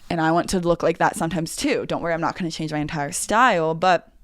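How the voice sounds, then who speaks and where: Woman, twenties, podcast host, rambling, giggly, smooth voice, dry sound. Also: low voice, fast talker, no echo. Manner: giggly, rambling, self-mocking. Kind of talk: casual chat.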